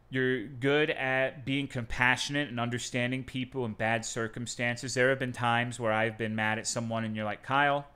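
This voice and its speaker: Bright-voiced, profane streamer man. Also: medium pitch, clean tone. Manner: profane, self-mocking joking. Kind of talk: casual chat with viewers.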